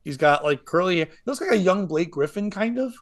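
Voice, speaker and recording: Man, high-pitched, comedian, podcast co-host, casual storytelling, lots of "like", chuckles at his own story. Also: animated, brisk. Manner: rambling, filler-heavy, laughing at his own story.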